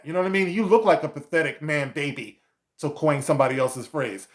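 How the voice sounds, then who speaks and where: A man's voice: on the high side, fairly quick. A man giving a profane, sarcastic rant as a video commentator, with many fillers like "you know". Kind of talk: ranting commentary vlog.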